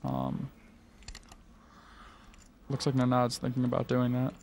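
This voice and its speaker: A man giving measured, analytical expert commentary on poker hands, with frequent filler pauses. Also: medium pitch, monotone, creaky, darkish tone, a little hiss or hum.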